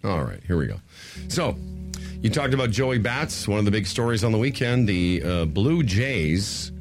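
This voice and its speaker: A man's voice: lowish voice, very animated, moderate pace, music in the background. A man hosting a radio talk show, chatting loosely and rambling between topics.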